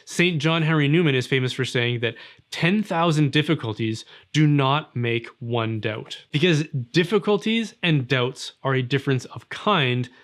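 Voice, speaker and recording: A man's voice: mid-range voice, normal speed, fairly bright tone. A man delivering an earnest, argumentative opinion monologue on religion, now and then acting out little scenes. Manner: earnest, argumentative, with acted asides. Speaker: religious commentator.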